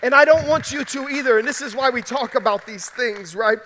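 Man, pastor, high bright voice, emphatic conversational sermon, long hall reverb. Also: brisk. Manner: emphatic, conversational preaching with frequent "right?". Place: large church sanctuary.

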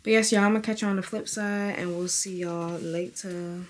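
A woman's voice: mid-range voice, fairly even intonation, a little fast, a little hiss or hum. Young woman vlogger from Virginia, early twenties, casual chatty delivery that keeps talking straight to her viewers. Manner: chatty, addresses viewers as y'all. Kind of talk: casual vlog chat to camera.

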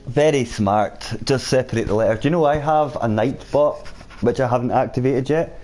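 A man's voice: mid-range voice, a little fast, darkish tone. A man streaming a shooter game live, chatting casually with viewers and reading out their comments while he plays. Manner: chatty, reads and answers viewer chat while playing. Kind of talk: casual live-stream chat over gameplay.

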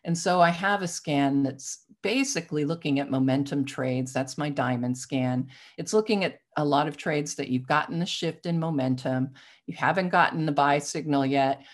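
A woman hosting a market analysis show, methodically explaining chart indicators and clearing her throat now and then. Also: low-pitched. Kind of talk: explaining stock charts to viewers.

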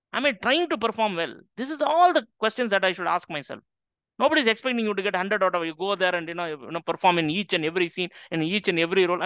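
A man leads a Quran class, his tone bright and forceful as he presses his listeners with rhetorical question after question. The sound is dry and close, with a slightly dull, lo-fi quality. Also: high-pitched, dry recording. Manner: emphatic, asks many rhetorical questions. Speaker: Islamic teacher. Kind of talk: Quran class talk to an audience.

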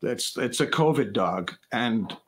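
A man from Canada chats on a video call as a guest. He rambles in a loose, self-deprecating way and jokes as he goes. His voice sits at an ordinary middle pitch. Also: animated, slow pace, slightly rough. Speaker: guest musician. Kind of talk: casual interview chat.

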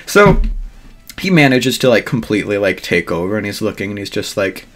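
A man's voice: lowish voice, big pitch swings, fairly quick, fairly bright tone, faint music behind. Rambling man telling a what-if story. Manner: rambling, filler-heavy, swears freely.

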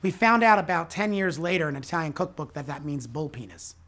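Deadpan, self-mocking male comedian. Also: a little high, fast. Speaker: comedic actor. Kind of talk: stand-up comedy reel.

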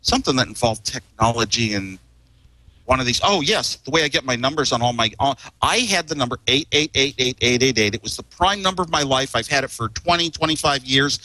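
A man's voice: mid-range voice, animated, a little fast, pushed and bright, rough recording. A man, a guest on a talk show, telling stories casually in a rambling way, chuckling and repeating words as he goes. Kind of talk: casual storytelling.

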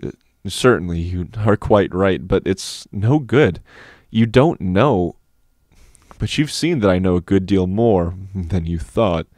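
Scared stammering schoolboy, a guy with a low voice doing him, begging, dry close sound. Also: animated, slow pace, a little mellow, dry recording. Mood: frightened. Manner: pleading, stammering, high-strung. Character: frightened young schoolboy, anxious, pleading.

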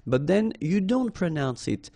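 A male French teacher with a French accent walks through words at a slow, patient pace. His voice is dark and gravelly, recorded dry and close. He repeats each sound with short explanations. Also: fairly high pitch, big pitch swings, no room sound. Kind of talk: slow vocabulary lesson, spelling out sounds.

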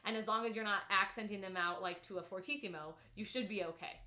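A woman's voice: mid-range voice, quick pace, roomy sound, crowd noise. A woman teaching a one-on-one piano lesson, patient and upbeat, explaining step by step with many "like"s.

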